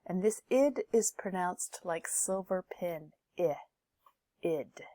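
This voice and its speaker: A woman teacher with a slightly low voice leads a pronunciation lesson at a very unhurried pace. She says each example word twice and models every sound carefully. The recording is dry, close, and free of room echo. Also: dark tone. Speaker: English teacher.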